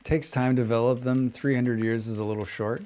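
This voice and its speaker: A man chatting in a smooth flat American voice. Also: medium pitch, fairly quick. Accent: flat General American. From western United States. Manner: chatty, rambling, hums and scats to himself between remarks. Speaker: game streamer. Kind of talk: casual chat while gaming and reading chat.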